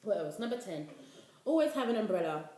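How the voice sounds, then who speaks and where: A woman in her twenties from the UK, a university student giving casual life advice in an animated, chatty way. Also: medium pitch, a little fast. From United Kingdom. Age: 20s. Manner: chatty, animated, preachy asides. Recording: echoey room, faint noise.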